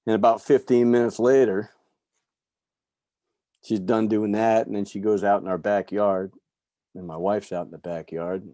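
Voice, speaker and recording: Man, middle-aged, candid recovery talk, warm dark tone, dry close sound. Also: lowish voice, flat delivery, normal speed, pauses often, dry recording. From New York. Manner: candid storytelling, soft asides. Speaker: recovery speaker.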